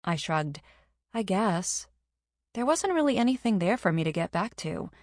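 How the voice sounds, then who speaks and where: A woman reading a first-person audiobook in a measured, even way. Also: lowish voice, no room sound, studio quality.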